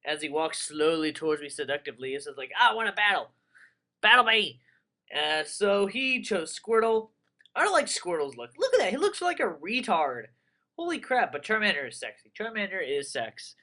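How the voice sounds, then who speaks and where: A man's voice: fairly high pitch, moderate pace. Rambling young man playing a game. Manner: rambling, excitable, crude jokes. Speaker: let's player. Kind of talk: casual game commentary.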